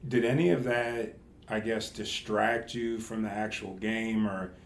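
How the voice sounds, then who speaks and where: A man's voice: on the low side, steady tone, unhurried, a little hiss or hum. A man hosting a podcast interview, asking rambling questions with frequent restarts. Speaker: podcast host and coach. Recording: echoey room.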